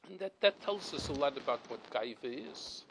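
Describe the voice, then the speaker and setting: A man's voice: medium pitch, animated, normal speed, a bit bright, slight background noise, poor audio. A middle-aged man giving a weekly religious class as a rabbi, explaining in an earnest, emphatic way and often restarting or repeating words as he thinks.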